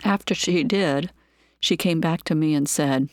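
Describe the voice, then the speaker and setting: A woman calmly reading her own memoir of work as a nurse, with measured, even storytelling. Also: sits low, no echo, studio quality.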